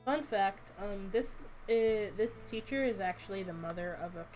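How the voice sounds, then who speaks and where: A woman hosting a casual stream, talking through her comic and acting out the characters' lines in quick, animated bursts. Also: music in the background. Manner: animated, puts on squeaky character voices when quoting.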